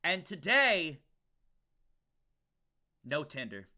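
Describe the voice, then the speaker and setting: A man's voice: fairly high pitch, huge pitch swings, extremely slow, pushed and bright. A young man streaming, chatting casually and profanely with his viewers, joking loosely between rambles. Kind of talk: casual livestream chat to viewers.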